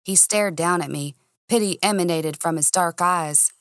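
A woman narrates a mystery serial in a cozy, expressive first-person reading. Her voice sits on the low side and is recorded dry and close. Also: moderate pace, dry recording. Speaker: storyteller. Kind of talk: audiobook narration.

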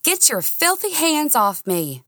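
A woman reading the part of a drunk, heartbroken young Southern woman who lashes out in a shrill voice. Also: expressive, a little slow, fairly bright tone, dry recording, clean studio sound. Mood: drunk, furious. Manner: shrill, lashing out.

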